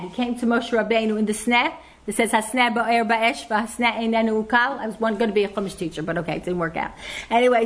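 A woman's voice: on the high side, fairly bright tone. A woman giving a lecture on parenting, taking questions from the audience, effusive and rambling with many restarts.

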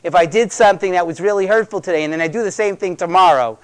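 A man's voice: high voice, fast talker. A middle-aged man speaking to a live audience about parenting, conversational and emphatic, repeating key words for stress.

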